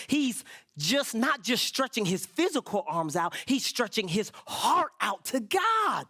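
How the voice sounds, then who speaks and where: Animated, bright-voiced preacher. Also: medium pitch, dry recording, clean studio sound. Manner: animated, emphatic preaching with call-and-response prompts. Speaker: pastor. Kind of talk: sermon.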